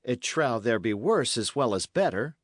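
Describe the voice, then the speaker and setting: A man voicing a bold, cheerful young squire who speaks loudly and forthrightly in an old-fashioned storybook tale. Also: medium pitch, very animated, moderate pace, no echo, studio quality. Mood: hearty. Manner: loud, hearty, forthright.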